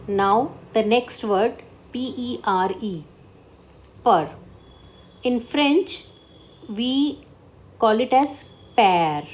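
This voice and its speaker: A woman teaching a beginner French lesson, explaining step by step and checking understanding with quick questions. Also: on the high side, a little mellow. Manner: slow and deliberate, checking understanding with "clear?". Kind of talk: online language lesson.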